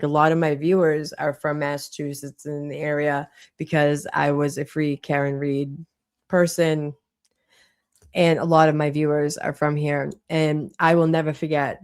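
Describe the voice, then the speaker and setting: Low, gravelly Boston woman streaming live. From Boston area, US. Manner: chatty, reads chat aloud, frequent restarts. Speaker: livestream host. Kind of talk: casual live chat with viewers.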